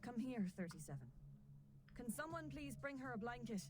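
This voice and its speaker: A woman's voice: a little high, very animated, normal speed, poor audio. An actress playing a stern female custodian of an assembly in a game, speaking formally and firmly. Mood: caring. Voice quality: firm, formal and commanding. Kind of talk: game voice acting. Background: music.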